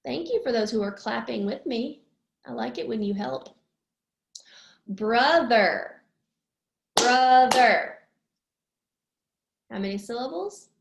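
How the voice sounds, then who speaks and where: A woman teaching young children a lesson, slowly stretching words out syllable by syllable. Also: fairly high pitch, expressive, gravelly, a little mellow, roomy sound. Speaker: preschool teacher.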